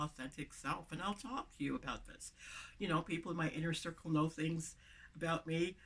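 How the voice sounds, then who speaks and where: A woman's voice: sits low, fairly bright tone. A woman with a lisp, speaking to camera as a motivational vlogger, with emphatic, repeated phrases, recorded inside a van on the camera mic.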